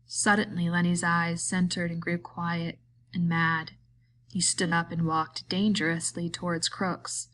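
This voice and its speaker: A woman narrates a novel in a calm, measured way. Her voice sits on the low side for a woman, and a faint hiss runs under the reading. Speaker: audiobook reader.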